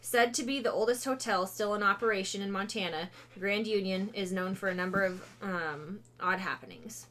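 A woman's voice: mid-range voice, normal speed, few pauses, bright, forceful tone, a little hiss or hum. A woman hosting a casual podcast, reading ghost stories aloud with many fillers and self-corrections, breaking off to joke. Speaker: podcast host.

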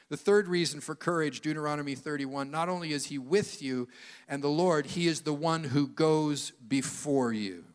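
A man's voice: on the high side, smooth. A man preaching a sermon to a church congregation, acting out biblical dialogue in changing voices. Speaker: pastor. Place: church sanctuary. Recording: long hall reverb.

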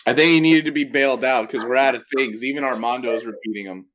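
A man's voice: mid-range voice, quick pace, fairly bright tone, slight background noise. A man co-hosting a sports podcast, cracking jokes. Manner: wisecracking. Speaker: podcast co-host. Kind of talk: casual sports chat.

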